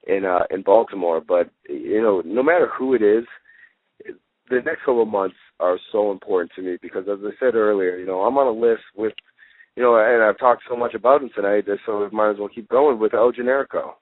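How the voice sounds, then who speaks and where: A young adult man, a guest on a wrestling talk show, chatting casually and rambling with plenty of fillers, getting excited as he retells stories. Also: lowish voice, a little fast, no echo. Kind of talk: casual interview chat. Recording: tinny phone line.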